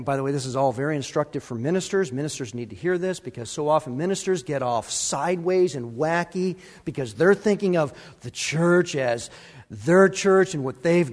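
A man's voice: a little high, a little mellow. A male pastor preaching a sermon, emphatic and repetitive, putting questions to the congregation. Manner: emphatic, repeats key words, asks the congregation questions. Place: church sanctuary. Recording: long reverb of a church hall.

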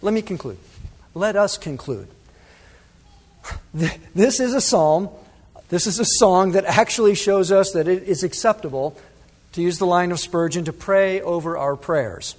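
Man, pastor, sermon, earnest, dramatic pauses, high voice, echoing church hall. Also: expressive, darkish tone. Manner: earnest preaching with dramatic pauses and quoted prayers. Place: church sanctuary. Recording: long reverb of a church hall.

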